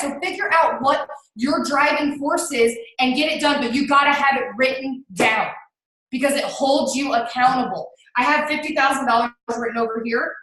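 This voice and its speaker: A woman giving an energetic motivational talk as a guest on a video call, who laughs often and gets hyped. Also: high voice, heavy reverb, rough recording. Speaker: guest speaker.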